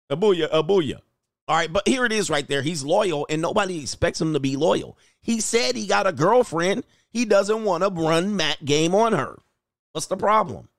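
Brief: male host, slangy joking commentary, slightly high voice, dry close mic. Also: creaky, fairly bright tone, dry recording. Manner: joking, laughing, slangy street talk. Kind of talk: casual reaction commentary. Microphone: headphones.

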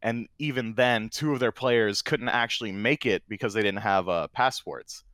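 A man on a casual podcast spins a lively gaming story, his voice getting louder and more excited as the tale builds. His tone is smooth and resonant, and it sits close to the mic in a dry room with no echo. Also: on the low side, normal speed. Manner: excitable, animated storyteller who drifts into shouting. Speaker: guest, former console champion.

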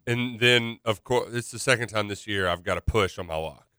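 A man's voice: lowish voice, moderate pace, bright, forceful tone, smooth, no room sound, clean studio sound. A man co-hosting a radio show, griping ruefully about his sports bets. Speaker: radio co-host. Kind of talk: casual sports-betting talk.

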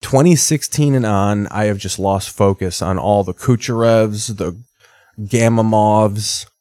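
Guy in his 30s rambling sardonic stories, lowish voice, dead dry sound. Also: a little slow, dark tone, no room sound. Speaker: streamer reacting to TV. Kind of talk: casual profane commentary.

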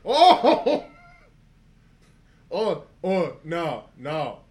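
A very animated, slightly fast mid-range male voice comes from a podcast co-host caught up in casual, profane joking, with frequent outbreaks of laughter.

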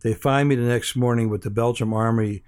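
A man's voice: mid-range voice, fairly even intonation, fairly quick, darkish tone. An older man from Hawaii, an interview guest telling a rambling anecdote with many restarts and fillers, acting out the other people's lines as he goes.

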